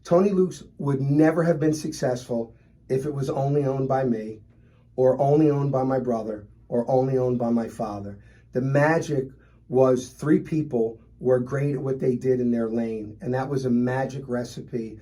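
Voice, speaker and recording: A man's voice: medium pitch, moderate pace. A middle-aged man, telling stories in a casual interview as a restaurant owner and guest, acting out the customers he describes. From Philadelphia. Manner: animated, acts out customers in his stories.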